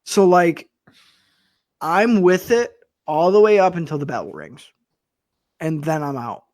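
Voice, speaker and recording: Podcast co-host, man, higher voice, wry and profane storyteller, dry studio sound. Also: lively intonation, takes it slowly, darkish tone, dry recording. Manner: wry, profane, rambling metaphors. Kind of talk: casual wrestling review chat.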